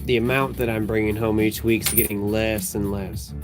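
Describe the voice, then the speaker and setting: A man's voice: on the low side, flat delivery, moderate pace. A man hosting a livestream while sorting coins, chatting in a loose, rambling way full of fillers and frequent laughs. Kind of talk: casual chat. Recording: music playing behind.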